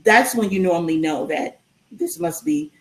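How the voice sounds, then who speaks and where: A woman guest telling a long personal story in a casual interview, animated and full of ums and restarts. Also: medium pitch, moderate pace, creaky, roomy sound, rough recording.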